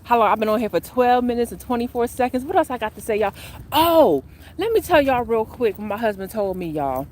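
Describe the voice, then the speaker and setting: Woman, chatty spiritual vlogger, animated, filmed on a phone outdoors with faint traffic. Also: a little high, fairly quick. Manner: chatty, animated, addresses viewers as y'all. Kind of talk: casual spiritual vlog talk.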